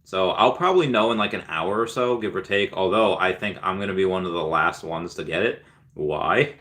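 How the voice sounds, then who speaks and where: Low bright-voiced guy doing a casual livestream, reads chat, lots of ums. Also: normal speed. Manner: reads viewer comments aloud, many ums, cheers loudly for winners. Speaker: livestream host reading chat.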